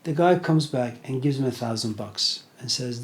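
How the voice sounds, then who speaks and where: A man's voice: mid-range voice, normal speed. A middle-aged man giving an informal lecture, retelling a story in a conversational way with many fillers.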